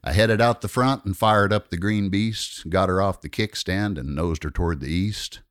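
Man, low voice, wry rhythmic storyteller reciting verse; lively, dry close sound. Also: normal speed, clear, resonant tone, no room sound. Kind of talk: reciting a rhyming narrative poem.

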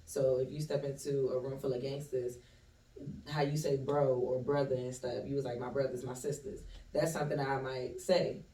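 A man's voice: mid-range voice, level tone, normal speed, mellow, far from the mic. A man in a casual group chat giving earnest, opinionated views in a reflective tone. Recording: roomy sound from off-mic.

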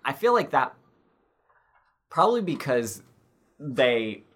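Podcast co-host, woman, very low voice with lively swings, rambling casual talk. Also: slow pace. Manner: rambling, many fillers. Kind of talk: casual chat.

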